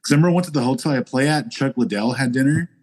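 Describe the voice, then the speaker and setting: A man's voice: mid-range voice, very fast, darkish tone. Laid-back man telling a story. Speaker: podcast guest. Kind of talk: casual chat.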